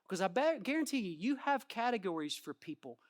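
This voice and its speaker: A man preaching a sermon in a church. He acts out quoted voices and swings from loud outbursts to quiet asides. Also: sits high, big pitch swings, fairly quick. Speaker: pastor.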